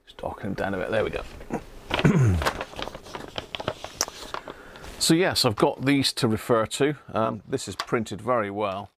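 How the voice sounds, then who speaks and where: A man's voice: on the low side, expressive, slow, creaky, pauses often, noisy background. A middle-aged British man hosting a live stream, chatting casually and greeting viewers by name between frequent chuckles. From Britain. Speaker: live-stream host, radio restorer.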